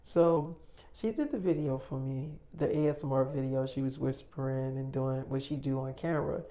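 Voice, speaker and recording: Low-voiced woman telling a rambling story. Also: moderate pace. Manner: rambling, slangy, relaxed. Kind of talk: casual improvised storytelling.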